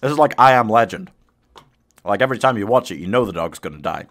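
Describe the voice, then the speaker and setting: A man live-streaming a game, talking casually to his chat and yelling at his pet dog. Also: fairly low pitch, lively intonation, quick pace.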